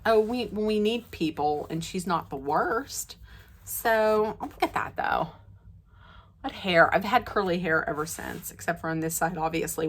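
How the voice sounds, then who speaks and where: Woman telling a lively story. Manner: animated, laughs often, voice jumps high and loud when excited. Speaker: vlogger. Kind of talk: casual storytelling to camera.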